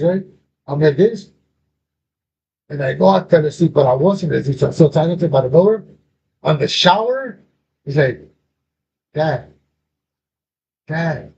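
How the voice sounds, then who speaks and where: With a slightly high, gravelly, mellow voice, this man hosts a podcast and recounts something personal in casual, profane street slang, calling his listener bro. Faint noise sits under the dull lo-fi recording.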